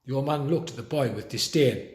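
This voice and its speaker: A man, a teacher, reading a children's book aloud with expressive storytelling in a school room. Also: medium pitch, a little fast. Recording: roomy echo.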